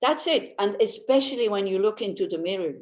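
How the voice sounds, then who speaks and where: With a medium-pitched voice, lively intonation, and a slightly quick pace, an older woman teaches Buddhism informally. She's chatty and funny, full of anecdotes and easy laughter, with frequent restarts, and the recording has a roomy echo.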